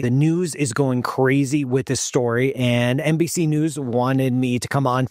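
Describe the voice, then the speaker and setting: Guy cosmologist riffing on science news, punchy and animated, dry close sound. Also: mid-range voice, dry recording. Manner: animated, emphatic, conversational. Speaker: cosmologist host. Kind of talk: off-the-cuff explainer video.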